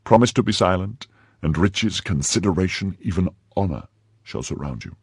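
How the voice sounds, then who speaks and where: A man's voice: low-pitched, sing-song, normal speed, creaky, breathy edge, no echo, studio quality, full character voice. A man reading the part of a cruel nobleman jailer who mocks and threatens his prisoner in an audiobook. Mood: menacing. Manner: mocking, then menacing.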